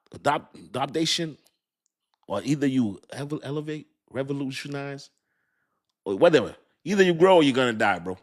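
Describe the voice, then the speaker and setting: Reading viewer comments on his crypto livestream, a medium-pitched host keeps things loose, cracking jokes, laughing frequently, and fumbling aloud for the right words.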